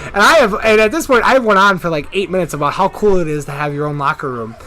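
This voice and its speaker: A man's voice: sits high, animated, quick pace, bright, forceful tone, a little hiss or hum. A middle-aged man telling profane, joking stories in a casual podcast chat. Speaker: wrestler.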